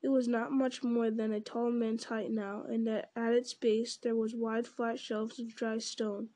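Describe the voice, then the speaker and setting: A woman narrating a storybook aloud with a steady, unhurried reading manner. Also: a little high. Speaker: audiobook reader.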